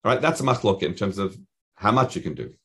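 A man's voice: lowish voice, expressive, quick pace, slightly rough. A man teaching a Talmud lesson in casual English, reading Hebrew and Aramaic phrases aloud as he goes.

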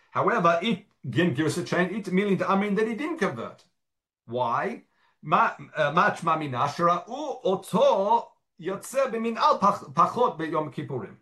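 Guy teaching talmud, reads a line then explains it, lots of ums and restarts, bouncy higher voice. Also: animated, normal speed, sharp tone. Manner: reads Aramaic phrases then explains them in English, with frequent fillers and restarts. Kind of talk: Talmud study lesson, reading and translating.

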